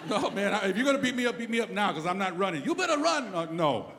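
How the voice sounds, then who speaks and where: Middle-aged male stand-up, quick and animated, higher voice, live club room with long reverb. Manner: animated, quick storytelling that slips into acted character voices. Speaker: stand-up comedian. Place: comedy club stage before a live audience. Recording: reverberant live room with steady background noise.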